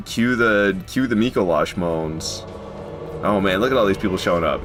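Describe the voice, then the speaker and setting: A man streaming a video game, chatting casually with his viewers and joking, who jumps into high yelps when something surprises him. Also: moderate pace, faint music behind. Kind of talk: casual live gameplay commentary.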